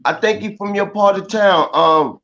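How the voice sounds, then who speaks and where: High-voiced joking man, loud and profane. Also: normal speed. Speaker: panelist. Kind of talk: casual banter with friends. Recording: dull lo-fi recording.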